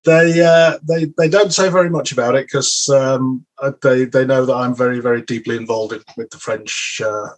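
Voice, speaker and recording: A man's voice: medium pitch, steady tone, normal speed, few pauses, low-quality recording. An English man as an interview guest, speaking hesitantly with frequent restarts and repeated words. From England. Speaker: guest sports journalist. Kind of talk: casual interview.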